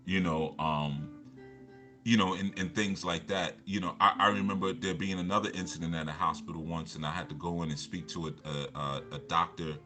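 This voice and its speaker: Deep-voiced man telling stories casually. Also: fairly even intonation, fairly quick, bright, forceful tone, soft background music. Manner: rambling, with many repeated fillers and restarts. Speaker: motivational speaker. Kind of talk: casual storytelling talk.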